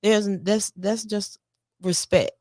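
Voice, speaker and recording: A woman's voice: medium pitch, steady tone, takes it slowly, dark tone, dry recording, clean studio sound. A woman guest on a podcast explaining her parent coaching in an earnest, repetitive way. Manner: earnest, repeats herself, acts out lines to her kids. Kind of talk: casual podcast conversation.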